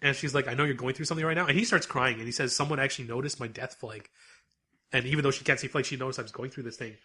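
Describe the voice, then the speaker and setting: Bright-voiced man chatting about anime. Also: mid-range voice, very fast, slightly rough. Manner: animated, laughs often while recapping. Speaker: podcast co-host. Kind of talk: casual chat reviewing anime.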